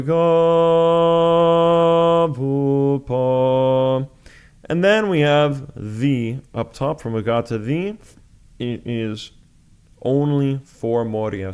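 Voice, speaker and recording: A man teaches chant in a lesson, walking through each step slowly and patiently. His voice is strikingly clear and clean, at an ordinary pitch for a man. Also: a little mellow. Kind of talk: music lesson, explaining and demonstrating chant.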